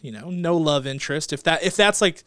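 A man's voice: a little high, fairly quick, a bit bright, no echo. A man co-hosting a casual movie podcast, playful and teasing, laughing often. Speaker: podcast co-host.

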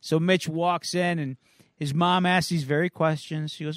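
A male podcast co-host with a fairly high voice rambles through a casual comic recap, stopping often for uhs and ums. The sound is dry and close. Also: little pitch movement, a little slow, no echo.

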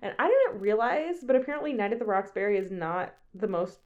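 A woman's voice: mid-range voice, big pitch swings, fairly quick, darkish tone, muffled recording. A woman co-hosting a podcast, making an enthusiastic, profane case for a film in casual chat. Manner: enthusiastic, profane, builds arguments. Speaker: podcast co-host.

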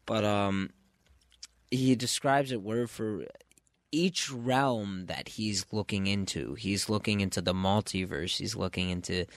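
A man casually retelling a comic storyline, rambling and animated with lots of fillers. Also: on the low side, measured pace, dry recording, studio quality. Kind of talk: casual chat.

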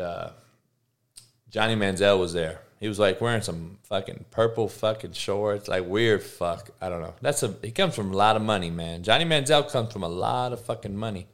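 A man hosting a podcast, ranting casually with heavy swearing, rambling tangents and loud bursts of disbelief. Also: on the low side. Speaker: podcast host. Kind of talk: casual sports podcast rant.

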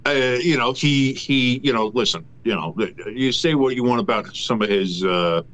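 A man co-hosting a casual sports podcast, talking in a rambling, halting way with many fillers and restarts. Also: medium pitch, fairly bright tone. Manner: rambling, halting with many fillers, then a profane ranting tirade.

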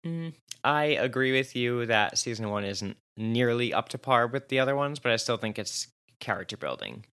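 Jersey guy cohosting a podcast, wry and chatty, bright forward voice. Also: mid-range voice, expressive, moderate pace, smooth. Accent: New Jersey. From New Jersey. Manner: chatty, laughs often, wry. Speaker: podcast co-host. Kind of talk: casual chat.

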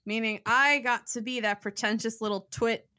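A woman's voice: a little high, steady tone, moderate pace, sharp tone. A young woman in her twenties co-hosting a podcast, chatty and self-mocking, laughing often. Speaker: podcast co-host. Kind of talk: casual chat.

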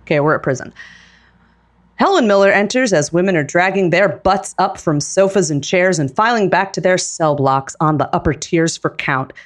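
Low-voiced woman reading stage directions. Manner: steady, deliberate, with occasional laughs. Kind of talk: live script reading.

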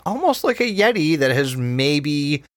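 This is a man co-hosting a casual podcast, wry and sarcastic as he thinks aloud. His voice swings widely in pitch, and the recording is close and dry. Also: very animated, unhurried, no echo. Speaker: podcast co-host.

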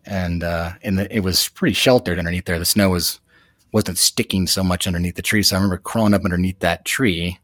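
Give me a deep-voiced man recounting a memory, halting and thoughtful, with a dry close sound. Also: fairly even intonation, fairly bright tone, no room sound. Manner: reflective, halting with many fillers. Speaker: guest telling a personal story. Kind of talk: casual storytelling.

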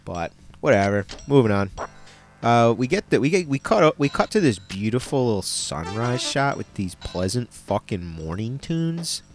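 A man's voice: mid-range voice, very animated, moderate pace, hardly any pauses, faint music behind. A man casually recapping a film in a laid-back, slangy and profane way, with lots of fillers.

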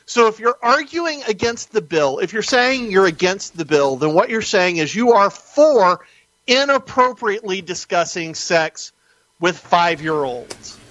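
A man calling in to a talk radio show as a guest news editor, explaining a story in an animated, argumentative way. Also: high-pitched, unhurried, muffled recording. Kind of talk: radio interview.

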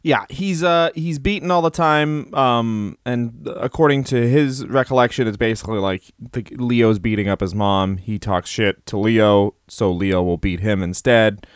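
Male podcast co-host, casual, laughs a lot, mid-pitched voice, dry sound. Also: clear, resonant tone, dry recording. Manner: laughs often, rambling asides. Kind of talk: casual chat.

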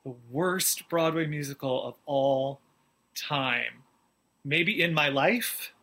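An animated man talks as a guest on a podcast, his answers rambling and punctuated with giggles. His voice sits a little high and rings bright and forward. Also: slow pace. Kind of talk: casual interview chat.

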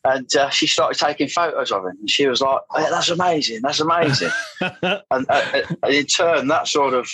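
Interview guest: middle-aged man, bright and forceful tone, anecdotal and rambling, dry sound. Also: mid-range voice, normal speed, slightly rough, no echo, poor audio. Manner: rambling, anecdotal, frequent restarts and fillers. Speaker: guest, motorcycle test rider. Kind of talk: casual storytelling interview.

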